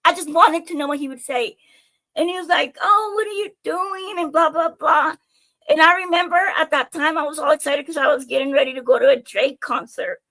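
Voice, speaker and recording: Out of breath, a young woman streams live, telling her own stories to viewers in an animated, chatty way, swearing freely and joking at her own expense. Her voice is high-pitched and fairly quick, with vocal fry.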